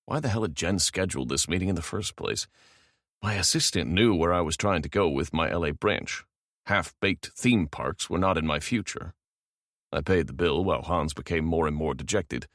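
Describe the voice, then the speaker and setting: A man narrating a romance audiobook in a calm, measured manner. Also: deep voice, dry recording, studio quality.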